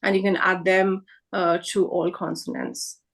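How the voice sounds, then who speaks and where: A woman's voice: on the low side, flat delivery, a little slow, gravelly, fairly bright tone, rough recording. Woman patiently explaining pronunciation. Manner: patient, explains step by step with many fillers. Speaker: workshop presenter.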